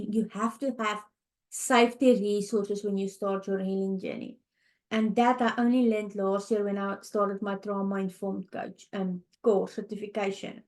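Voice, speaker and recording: A middle-aged woman hosting a podcast, talking in a heartfelt, halting way, tired and close to tears. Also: medium pitch. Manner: heartfelt, halting, with restarts and soft fillers. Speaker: podcast host. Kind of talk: emotional personal monologue. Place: home, early morning.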